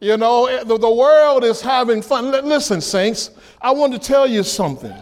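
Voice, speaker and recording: A man preaching a sermon to his congregation, repeating key lines, asking the room questions and rising at times to a shout. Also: very high voice, expressive, normal speed. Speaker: pastor.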